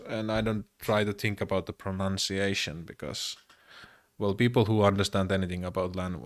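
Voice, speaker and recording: A man's voice: low voice, a bit bright, no echo, studio quality. A man from Finland with a Finnish accent, talking casually in English with many fillers and restarts. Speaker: podcaster. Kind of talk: casual monologue.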